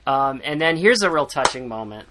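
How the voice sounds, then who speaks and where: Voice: mid-range voice, sing-song, normal speed, noisy background. A podcast host recapping a book in casual chat, rambling, sarcastic and swearing freely.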